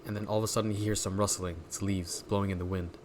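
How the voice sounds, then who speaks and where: A man's voice: on the low side, little pitch movement, fast, a little mellow, a little hiss or hum. A man co-hosting a podcast, laid-back and slangy, spinning a made-up story in casual chat. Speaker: podcast co-host.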